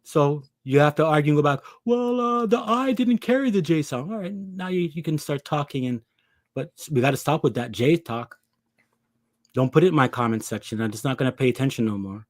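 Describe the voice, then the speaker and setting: A man's voice: medium pitch, fairly quick, a little mellow, dry recording, studio quality. A man preaching an impassioned scripture lesson, pressing his listeners with rhetorical questions. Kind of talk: impassioned religious teaching.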